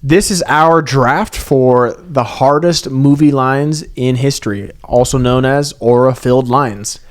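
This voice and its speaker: A man co-hosting a podcast, chatting casually and loosely, sometimes speeding through quick asides. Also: medium pitch, no room sound, clean studio sound. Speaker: podcast co-host.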